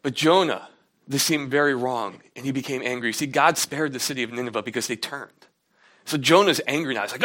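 A man's voice: expressive, brisk, a bit bright. A man preaching a sermon in a casual, conversational way, acting out quotes in a raised voice. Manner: conversational preaching, acts out quotes with rising pitch. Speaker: pastor.

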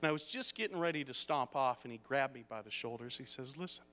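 Bright-voiced preacher in a reverberant hall. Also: male voice, medium pitch, expressive, fast talker, slight background noise. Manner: storytelling, rising to emphatic preaching. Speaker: pastor. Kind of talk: sermon. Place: church hall.

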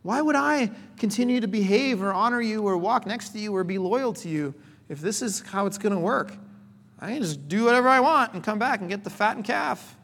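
A man's voice: high-pitched, lively intonation, a little fast, gravelly, a bit bright, exaggerated voice. A man preaching, voicing a resentful older son who has always stayed loyal, in an aggrieved, pleading tone. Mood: indignant.

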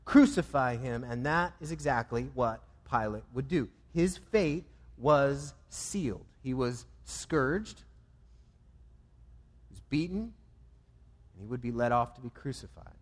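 A man preaching a sermon, swinging between loud emphatic lines and low, quiet ones. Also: animated, measured pace, in a large hall. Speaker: pastor.

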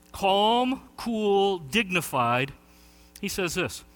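Pastor, male, high bright voice, lively storyteller, echoing sanctuary. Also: takes it slowly. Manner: animated storytelling, shouting quoted lines. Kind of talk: sermon.

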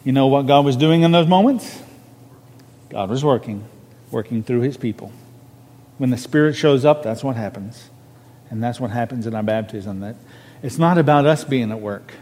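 A minister preaching a sermon from a podium, earnest and conversational, stressing key words. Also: male voice, mid-range voice, normal speed, long pauses, a little mellow, in a large hall. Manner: earnest, conversational preaching with restarts and rising emphasis. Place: church sanctuary on a raised podium.

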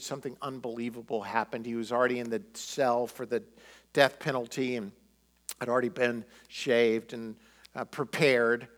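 A pastor preaching a sermon, telling a story and acting out the quotes with feeling. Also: male voice, medium pitch.

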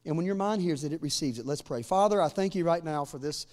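A man in his forties delivers a church sermon in a notably high voice. He banters with the congregation and then climbs into loud, fervent declarations of faith. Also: fast talker. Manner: humorous asides to the congregation. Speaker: pastor.

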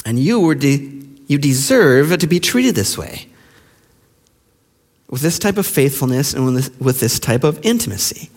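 A male pastor preaching a sermon with passion, firing rhetorical questions and dropping to hushed lines. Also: mid-range voice, sing-song, moderate pace, pauses often. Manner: impassioned, with rhetorical questions and sudden hushed drops. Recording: long reverb of a large hall.

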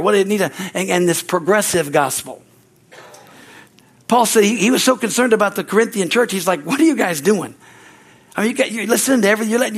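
Brief: high-pitched man, preaching pastor, fervent, peppers lines with hallelujah and amen, swings from loud to hushed. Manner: shifts between loud rises and low, quiet asides. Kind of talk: sermon.

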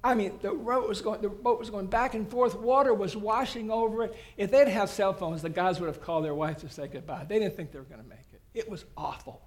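Guy preaching a sermon, high voice, funny folksy storytelling. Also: fairly quick, hardly any pauses. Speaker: guest preacher.

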